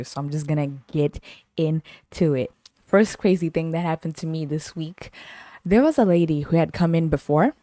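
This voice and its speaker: A woman's voice: deep voice, moderate pace, mellow, no room sound, clean studio sound. A woman from Zimbabwe, hosting her podcast and telling stories in a playful, repetitive way. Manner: playful, repeats phrases, laughs often. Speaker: podcast host. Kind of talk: casual storytelling.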